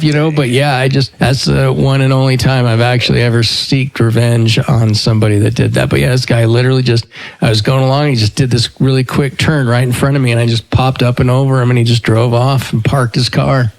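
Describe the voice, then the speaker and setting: A middle-aged man with a mid-range voice hosts a casual podcast chat. He tells stories in an animated way and swears freely. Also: mid-range voice, a little fast, creaky. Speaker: podcast host.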